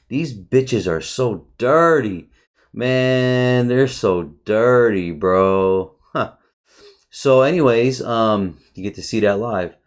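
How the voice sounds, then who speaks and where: Brief: lower-voiced man, excitable trading teacher, swears freely and calls his viewers bro. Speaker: trading educator. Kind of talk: casual screen-share chart review.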